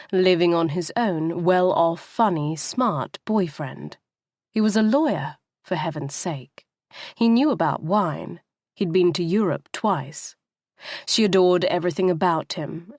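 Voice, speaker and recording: A woman narrating a novel in a measured, expressive storytelling manner. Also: fairly low pitch, no echo, clean studio sound. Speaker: audiobook narrator.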